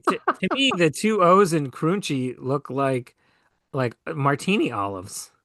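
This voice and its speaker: A man's voice: fairly high pitch, sing-song, measured pace, fairly bright tone, no echo. A man co-hosting a podcast, making dry, jokey asides in casual chat. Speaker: podcast co-host.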